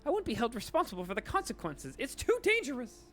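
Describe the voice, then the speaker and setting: Guy doing a squeaky panicky bookshop lady, shrill and pleading, voice jumps all over. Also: huge pitch swings, fast talker, fairly bright tone, soft background music, full character voice. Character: nervous superstitious female bookshop owner.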